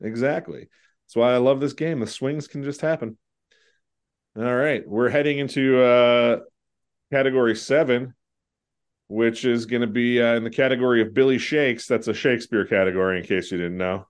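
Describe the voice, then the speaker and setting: A man's voice: medium pitch, moderate pace. A man hosting a casual trivia podcast, joking around and swearing now and then. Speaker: quiz host.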